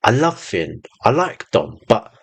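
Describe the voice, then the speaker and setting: A man co-hosting a podcast in casual chat, talking in a halting way with frequent restarts. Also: lowish voice, sing-song, gravelly, husky, no room sound. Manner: halting, restarts sentences often. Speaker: podcast co-host.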